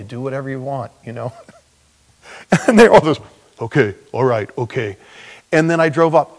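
Preaching in a relaxed, storytelling style, this middle-aged pastor breaks into occasional laughter. When he voices prayers, he drops to a quiet, low tone.

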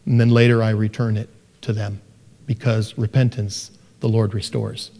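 A middle-aged man preaching a sermon, animated and joking, who mimics parents in a soft sing-song voice. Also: lowish voice, moderate pace, creaky. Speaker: pastor. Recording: long hall reverb.

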